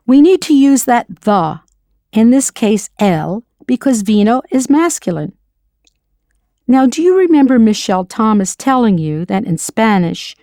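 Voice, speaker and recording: A woman teaching a scripted audio language lesson, slowly modeling foreign words and spelling them out letter by letter. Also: medium pitch, warm tone, no room sound, studio quality.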